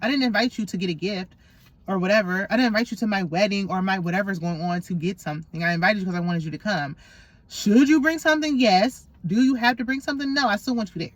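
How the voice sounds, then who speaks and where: A woman's voice: medium pitch, fast talker, no room sound. A woman hosting a casual, opinionated reality TV recap, sassy and gossipy with lots of slang.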